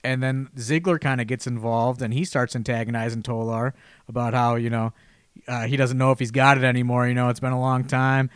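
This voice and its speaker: A man's voice: mid-range voice, level tone, a little fast, clean tone, dry recording, clean studio sound. A man hosting a casual podcast chat, telling a long, rambling anecdote with lots of "you know" and false starts. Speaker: podcast host telling a story.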